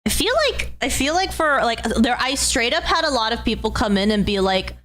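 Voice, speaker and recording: A woman's voice: fairly high pitch, expressive, normal speed, fairly bright tone, slight background noise. A woman streamer chatting casually with her viewers in a doting, rambling way.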